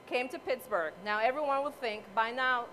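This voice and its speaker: A woman's voice: fairly high pitch, moderate pace, sharp tone, slight background noise. A woman from Saint Croix with a Crucian Caribbean accent, giving a chatty live cooking demonstration and joking with her audience. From Saint Croix, US Virgin Islands. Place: event hall with live audience.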